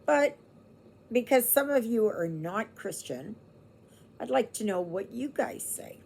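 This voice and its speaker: A woman from Canada, a home vlogger, chats to her viewers in a slow, rambling way. Her voice sits low and mellow with a gravelly edge. Faint household noise hangs in the background. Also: lively intonation. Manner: rambling, chatty, laughs easily. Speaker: cross-stitch vlogger. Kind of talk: casual chat to viewers.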